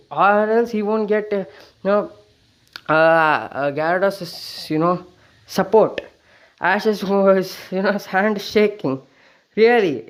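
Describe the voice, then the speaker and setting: A man casually retelling a fan story, rambling with many fillers and self-corrections. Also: on the high side.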